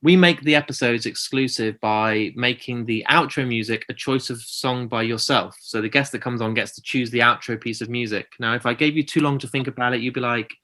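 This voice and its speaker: A man's voice: medium pitch, a little fast, few pauses, sharp tone. Chatty man hosting a podcast. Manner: chatty, frequent agreeing. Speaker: podcast host. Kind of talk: casual interview.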